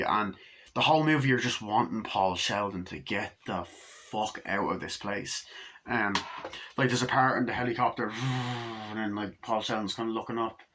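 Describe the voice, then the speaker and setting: A man's voice: on the low side, a bit bright. A man giving a casual, unscripted movie review, rambling, swearing freely and acting out scenes. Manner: rambling, profane, acts out scenes.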